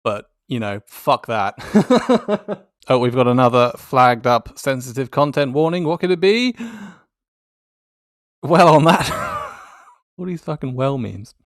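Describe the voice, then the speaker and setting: A man's voice: medium pitch, unhurried, fairly bright tone, dry recording, studio quality. A man giving casual, sardonic commentary on tweets, swearing and laughing as he goes. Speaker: YouTuber.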